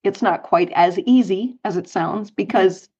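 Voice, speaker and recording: A middle-aged woman recounts her travels as an interview guest, animated and given to light laughs. Her voice sits at a middle pitch. The recording sounds dull and lo-fi. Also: measured pace, husky. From United States, Colorado. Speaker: guest, author and speaker. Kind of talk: storytelling interview.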